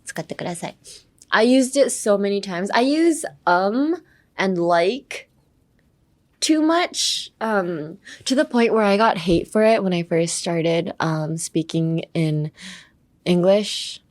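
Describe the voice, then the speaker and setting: A bubbly young woman from California hosts a casual English pronunciation lesson. She hops between English and Japanese, fills gaps with "um" and "like", and laughs easily. Her voice sits at an ordinary middle pitch for a woman. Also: lively intonation, slow, darkish tone. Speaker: podcast English teacher and idol.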